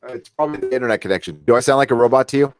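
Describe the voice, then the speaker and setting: A man's voice: medium pitch, very fast, music in the background. A man hosting a casual live stream from home, talking bluntly and rallying his viewers. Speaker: livestream host. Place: home room.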